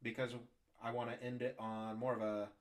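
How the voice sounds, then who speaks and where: A man hosting a podcast interview, speaking in a calm, measured, reassuring way. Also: medium pitch. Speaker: podcast host. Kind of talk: casual interview.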